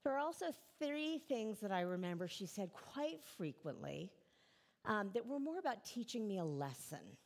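A woman's voice: mid-range voice, big pitch swings, moderate pace, gravelly. A middle-aged woman pastor giving a conversational sermon in church, often checking in with "right?".

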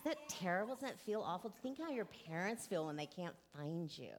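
A woman in her forties giving a children's sermon, gently asking the children questions and drawing them into the story. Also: fairly low pitch, very animated, brisk, crowd noise. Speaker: children's message leader.

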